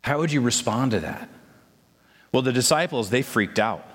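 A man preaching a sermon, telling the story in a lively way and acting out the voices of the people in it. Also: medium pitch, normal speed, breathy edge, big-room sound. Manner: animated storytelling, acts out voices of disciples.

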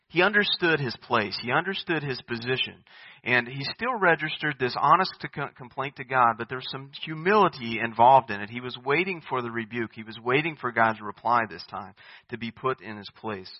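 A man's voice: medium pitch, animated, brisk, dry recording. Earnest male preacher on muffled radio. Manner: earnest, pleading, rises to emphatic peaks. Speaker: pastor. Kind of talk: sermon.

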